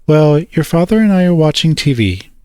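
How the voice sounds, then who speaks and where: A man voicing a caring middle-aged mother, gentle and concerned. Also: fairly high pitch, sing-song, normal speed, clean tone, no room sound, voice pushed up.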